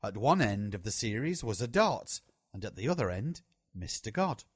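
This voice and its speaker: Man, memoir reading, very animated melody, dry sound. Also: lowish voice, slightly rough, dry recording. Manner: slow, lively storytelling delivery. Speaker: audiobook reader.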